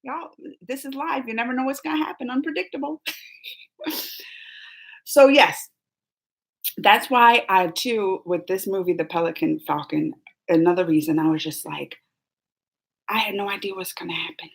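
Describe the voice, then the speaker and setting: A woman hosting a live movie chat, talking in a rambling, animated way with lots of fillers and laughs. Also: medium pitch, moderate pace, gravelly, long pauses. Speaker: host of a movie reaction livestream. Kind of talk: casual livestream chat.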